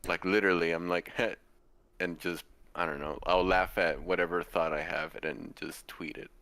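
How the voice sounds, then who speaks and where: A man with a deep voice chats as a podcast guest, relaxed and self-deprecating, often trailing off mid-thought. His voice sits dry and close to the mic. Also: normal speed, gravelly, no echo. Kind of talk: casual chat.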